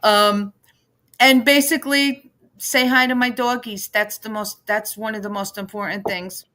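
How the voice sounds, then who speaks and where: A woman's voice: mid-range voice, unhurried. A woman with a New Jersey accent, a podcast guest and singer, chatting casually on a video call and telling stories with lots of laughter. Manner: animated storyteller, laughs often. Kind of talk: casual interview chat.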